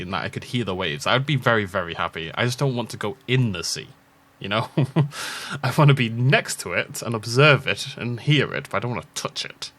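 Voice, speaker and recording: A man's voice: mid-range voice, fairly bright tone. Chatty man thinking aloud over a game. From Isle of Man. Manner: rambling, thinking aloud, chuckling. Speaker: let's play host. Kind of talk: casual gameplay commentary.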